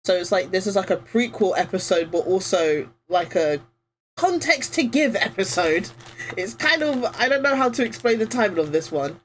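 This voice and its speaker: A woman's voice: mid-range voice, very animated, normal speed, faint music behind. Chatty woman streamer, strained voice. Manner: chatty, rambling, with many fillers. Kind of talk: casual gameplay chat.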